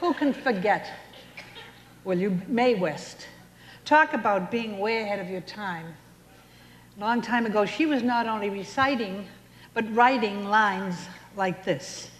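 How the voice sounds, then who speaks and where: A woman's voice: medium pitch, unhurried, slight background noise. A woman in her seventies doing a chatty stand-up routine on a casino stage, telling stories and acting out the punchlines. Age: 70s. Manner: chatty storytelling with voiced punchlines. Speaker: stand-up comedian. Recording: echoey hall with faint ambience.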